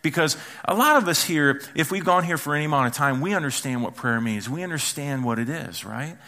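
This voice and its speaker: A middle-aged male pastor preaching a Sunday sermon, telling stories with humor and acting out yelled calls and hushed asides. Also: fairly high pitch, expressive, a little fast. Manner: playful storytelling, acts out yelling and whispering.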